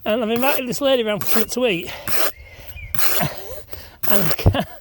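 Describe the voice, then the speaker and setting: A man's voice: extremely high pitch, fast talker. Chatty man on site. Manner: rambling, chatty, self-deprecating. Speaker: self-builder vlogger. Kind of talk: casual vlog chat while working. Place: outdoor building site. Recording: noisy outdoor recording.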